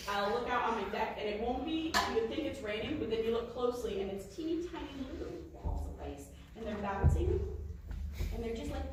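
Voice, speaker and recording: A woman leading a large band rehearsal, giving lively instructions and singing phrases to demonstrate. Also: on the high side. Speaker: band conductor. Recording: echoey room from far off, with noise.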